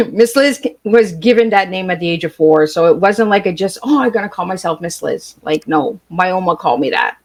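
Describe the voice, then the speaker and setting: A woman's voice: lowish voice, animated, moderate pace. Blunt, straight-talking woman guest. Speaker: podcast guest. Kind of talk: casual chat.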